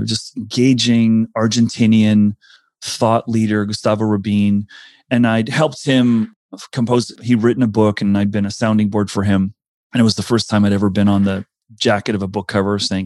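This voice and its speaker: An earnest man speaks in a fairly low voice, recounting a turning point in his career with reflective pauses and restarts. The sound is dry and close, with almost no room around him. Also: steady tone, darkish tone, dry recording. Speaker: speaker sharing a career story. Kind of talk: personal storytelling.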